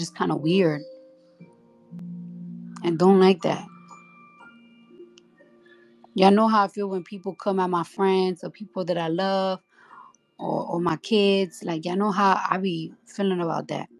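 A woman's voice: lowish voice, steady tone, unhurried, gravelly, long pauses, a little mellow, rough recording. A woman hosting a casual live audio chat, talking bluntly and profanely, sleepy, with faint baby music playing behind her.

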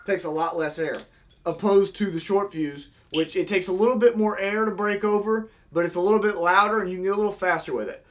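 A man's voice: high-pitched, fairly even intonation, a little fast, a bit bright, a little hiss or hum. A young man casually teaching, step by step, how to blow a goose call. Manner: step-by-step, demonstrating with vocal honk sounds.

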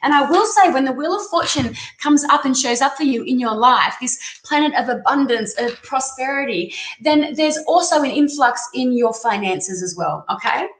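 A woman hosting a casual live-stream tarot reading, chatty and excitable as she reads out viewer comments. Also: high-pitched, normal speed. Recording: echoey room, faint background noise.

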